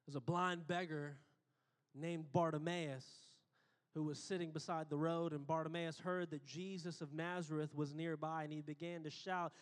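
A man preaching a sermon, emphatic, repeating phrases and building to excited peaks. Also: a little high, normal speed. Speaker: pastor. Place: church auditorium. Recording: long hall reverb.

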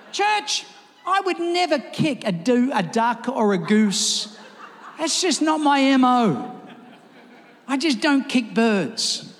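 A man preaching a sermon in a church, telling stories and acting them out with lively, rising delivery. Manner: animated, acts out his stories with rising pitch. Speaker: pastor. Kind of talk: sermon with storytelling. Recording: reverberant church hall with music.

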